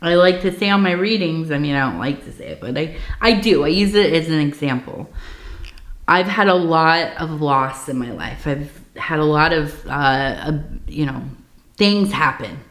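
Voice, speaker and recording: A woman giving a tea leaf reading in a soft, reflective, meandering way, with many fillers and pauses. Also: low voice. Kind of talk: intimate spoken reading. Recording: roomy echo.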